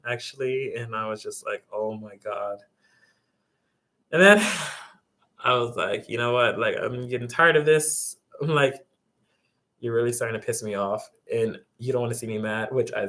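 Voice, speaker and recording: A man's voice: medium pitch, a bit bright. Young guy rambling thru a storytime vlog, lots of likes and ums, kinda exasperated. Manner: rambling, filler-heavy, exasperated retelling. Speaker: vlogger. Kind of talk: casual storytime.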